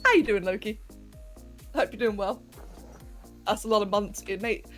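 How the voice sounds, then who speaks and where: A woman's voice: medium pitch, normal speed, a bit bright, soft background music. A young woman chatting casually with viewers on a game livestream, giggling often as she works. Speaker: game streamer. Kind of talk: casual livestream chat while playing a game. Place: home bedroom.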